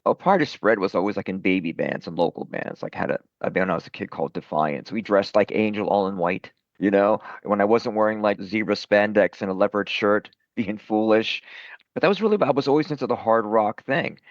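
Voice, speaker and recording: A man's voice: on the low side, a little fast, no echo. A middle-aged man from Brooklyn, a rock singer, chatting loosely in an interview with lots of fillers and self-deprecating asides. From Brooklyn, New York. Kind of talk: casual interview chat. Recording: dull lo-fi dry sound.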